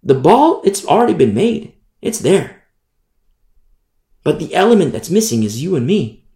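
A man preaching a Bible sermon in a conversational way, repeating and restarting phrases and slowing down to stress key words. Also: a little high, sing-song, dark tone, reverberant.

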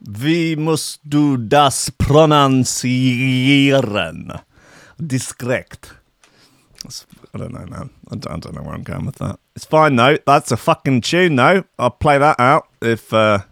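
A man's voice: mid-range voice, animated, normal speed, vocal fry, a bit bright, no echo, studio quality. A man casually reading out odd news stories, rambling, swearing and laughing between lines.

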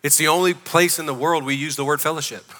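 Male pastor, sermon, emphatic, bright forceful voice, slightly high, long church-hall reverb. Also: steady tone, fast talker, faint music behind. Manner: emphatic, calls out to the congregation. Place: church sanctuary.

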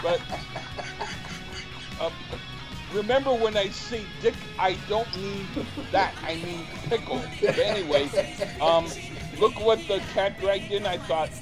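A man co-hosting a casual chat, rambling and halting, repeating words as he searches for what to say. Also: high-pitched, over music. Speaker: podcast co-host.

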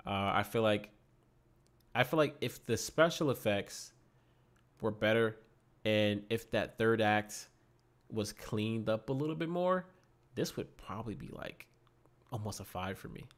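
A man's voice: on the low side, lively intonation, a little slow, pauses often. A man co-hosting a podcast, casually and enthusiastically giving his review of a film. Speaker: podcast co-host. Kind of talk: casual movie review chat.

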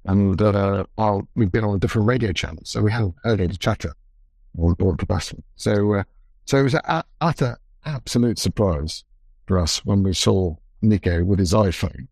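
Low-voiced man telling a measured story. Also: darkish tone, no echo. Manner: measured, reflective, halting. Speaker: expedition leader. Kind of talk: recounting a story in conversation.

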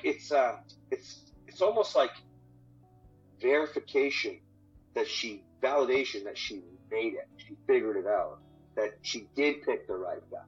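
Animated man, lo-fi sound. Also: medium pitch. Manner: animated, swears freely, repeats words. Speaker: podcast guest, marriage coach. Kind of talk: casual interview talk. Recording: dull lo-fi audio with faint music.

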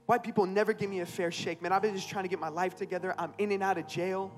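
A man voicing an angry tattooed ex-convict who is yelling bitter threats into his phone. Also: high voice, steady tone, fast talker, faint music behind, voice pushed up, close to an everyday voice.

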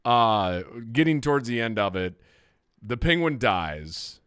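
A man hosting a laid-back movie podcast in a dry, close-miked sound. He talks in a relaxed, hesitant way, filling pauses with "uh" and checking in with "right?". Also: medium pitch, clean tone, no room sound. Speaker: podcast host. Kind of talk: casual movie chat.

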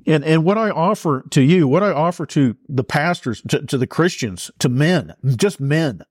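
A man's voice: a little high, animated, normal speed, breathy edge, dry recording, studio quality. A man delivering an impassioned political monologue with fervent, repetitive, preacher-like cadence. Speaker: commentator.

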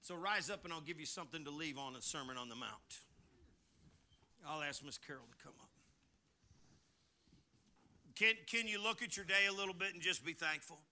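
A male pastor giving a folksy, animated sermon, often restarting his words. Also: on the high side, moderate pace, pauses often. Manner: folksy, animated and joking, with repeated word restarts.

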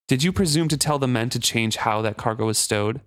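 A man's voice: mid-range voice, brisk, fairly bright tone, dry recording, clean studio sound, close to an everyday voice. A man reading aloud the lines of a stern male ship captain who speaks in a clipped, restrained way. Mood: restrained anger.

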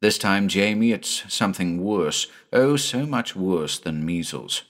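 Storybook doctor: man playing a careful, gentle, low-voiced father. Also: lively intonation, a little slow. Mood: anxious.

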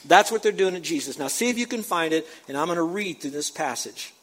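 A man preaching a sermon, stressing his points loudly, dropping to quiet asides, and breaking into the scripture he reads with comments. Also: expressive, a little fast. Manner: emphatic, swinging between loud punches and low asides. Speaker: pastor.

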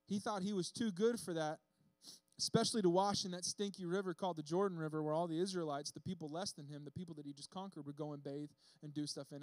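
A man preaching a sermon in a casual, lively storytelling way, acting out the characters' lines. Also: a little high, quick pace, no room sound. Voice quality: bearded speaker. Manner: casual, animated storytelling with acted-out quotes.

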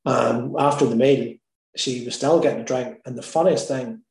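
Give me an Irish guy talking frankly in a casual chat, with a middle-pitched voice and an echoey room. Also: steady tone, normal speed, a little mellow. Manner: candid, laughing, sweary. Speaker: guest. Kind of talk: casual storytelling. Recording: roomy echo.

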